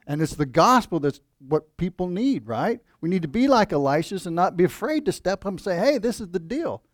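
Male preacher, conversational sermon delivery with rhetorical questions, slightly raised pitch, dry close recording. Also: very animated, fairly quick, no room sound. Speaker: pastor.

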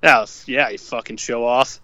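A man's voice: mid-range voice, fairly even intonation, normal speed, bright, forceful tone, no echo. A man co-hosting a casual podcast, laughing often and trading teasing jokes. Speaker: podcast co-host. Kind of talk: casual chat.

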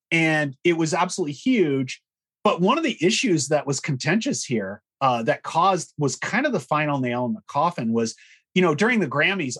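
A man co-hosting a music podcast, talking casually and frankly, with plenty of fillers and blunt opinions. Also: medium pitch. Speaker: podcast co-host. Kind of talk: casual chat about music history.

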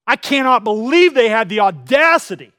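A man's voice: very high voice, animated, moderate pace, sharp tone, dry recording, studio quality. A man preaching a sermon to his congregation, building in intensity and acting out quoted voices.

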